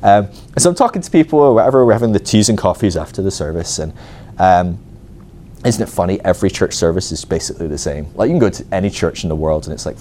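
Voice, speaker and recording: Male preacher, storytelling sermon, quick and animated, mellow tone, self-mocking. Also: medium pitch, slight background noise. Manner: animated, self-mocking, acts out his own angry inner voice; many fillers like "like" and "right?". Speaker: ministry school teacher.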